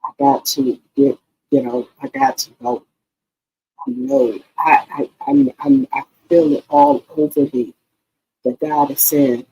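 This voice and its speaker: Husky woman talking heart-to-heart. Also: low-pitched, animated, a little slow, a little mellow, low-quality recording. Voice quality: emotional, repeats herself, addresses viewers directly. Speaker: YouTube channel host. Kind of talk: casual heartfelt talk to viewers.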